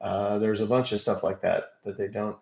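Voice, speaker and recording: A man's voice: on the low side, little pitch movement, normal speed, gravelly, darkish tone. Sarcastic man streaming in a roomy space. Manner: sarcastic, teasing, chatty. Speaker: scam-baiting live streamer. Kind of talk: casual live-stream chat.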